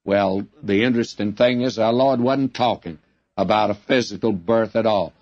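A man's voice: on the low side, normal speed, no room sound. A man preaching a sermon, telling stories and acting out the quoted speakers as he goes. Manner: storytelling, acting out quoted lines. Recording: dull lo-fi dry recording.

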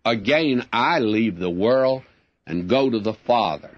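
Man, Bible teacher, unhurried delivery, earnest and plain, dry muffled recording. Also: medium pitch, lively intonation, no echo. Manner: earnest, plainspoken, addresses listeners as friends.

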